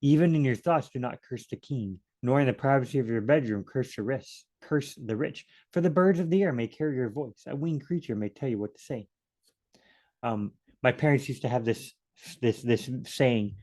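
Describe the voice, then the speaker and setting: Man for a relaxed Bible study walkthrough, rambling and joking, average pitch. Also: normal speed. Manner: chatty, thinks aloud, joking asides.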